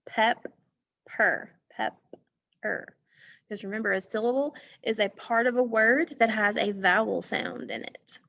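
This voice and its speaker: A woman's voice: on the high side, normal speed, gravelly, few pauses, a bit bright, lo-fi sound. A woman teacher giving an online phonics lesson from a school music room, patiently repeating words and asking questions.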